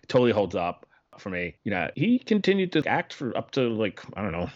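A man's voice: fairly low pitch, very animated, fairly quick. Man, podcast co-host, casual film chat, rambling, self-interrupting, dull lo-fi recording. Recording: dull lo-fi sound.

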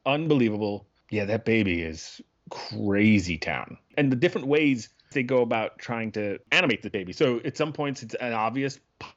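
A man co-hosting a podcast in casual chat, excitable and profane, rambling with lots of restarts. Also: on the low side, normal speed. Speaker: podcast co-host. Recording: dull lo-fi podcast audio.

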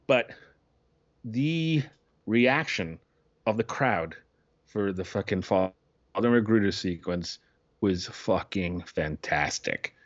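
A man co-hosting a podcast in casual chat, excitable and profane, rambling with lots of restarts. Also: fairly low pitch, slow pace, long pauses. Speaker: podcast co-host. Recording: dull lo-fi podcast audio.

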